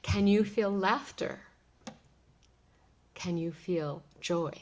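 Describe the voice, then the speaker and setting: A middle-aged woman pastor giving a sermon, telling a personal story in a gentle, reflective way with soft laughs and restarts. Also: lowish voice, very slow.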